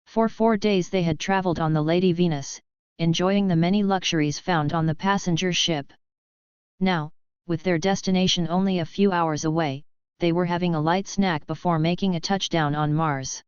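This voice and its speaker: A woman narrating an audiobook in a steady, measured reading. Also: fairly low pitch, clear, resonant tone, no echo, muffled recording. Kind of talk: scripted narration.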